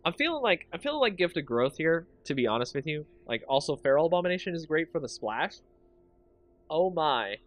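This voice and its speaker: An excitable male streamer thinking out loud through his card picks and bantering with chat, his pitch leaping up and down as he gets hyped. The sound is close and dry, with soft music playing underneath. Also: fairly quick, no room sound. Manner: excitable, chatty, thinks aloud and laughs a lot. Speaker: streamer and channel host. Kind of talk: casual game commentary with chat.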